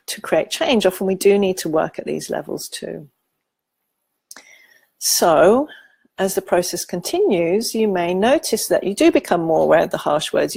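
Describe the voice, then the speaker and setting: A middle-aged woman speaking as a therapist, teaching in a soft, calm and compassionate way with hesitant restarts. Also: fairly low pitch, vocal fry, no echo. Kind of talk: gentle teaching talk.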